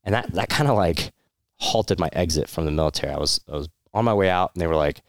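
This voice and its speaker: A man's voice: deep voice, fast talker, no room sound, studio quality. A man, a military veteran, telling his personal story in a candid, rambling way, with many fillers, restarts and short laughs.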